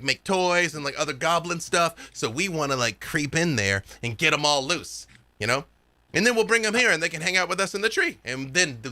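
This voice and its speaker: A man voicing an excitable young gang leader who rambles fast with many restarts. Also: fairly high pitch. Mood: eager.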